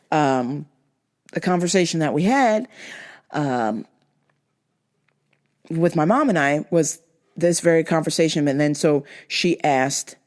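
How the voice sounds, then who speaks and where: A woman hosting her own show, telling a family story in a casual, exasperated monologue. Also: darkish tone. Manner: exasperated, incredulous retelling of family arguments; acts out quoted dialogue with shifts in pitch. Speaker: podcast host.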